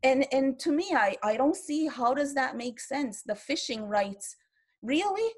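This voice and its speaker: A woman's voice: high-pitched, expressive, measured pace. Earnest woman from Quebec speaking. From Quebec, Canada. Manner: earnest, impassioned, with frequent restarts. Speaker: round-table panelist. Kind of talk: online round-table talk. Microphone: video call.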